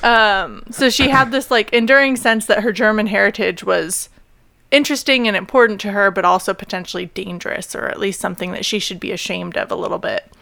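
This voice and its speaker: A woman's voice: medium pitch, steady tone, fairly quick, gravelly, pushed and bright, no room sound. A young woman co-hosting a podcast, telling a story in casual chat, full of fillers and easy laughs. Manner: chatty, many "like" and "um" fillers, laughs easily. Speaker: podcast co-host.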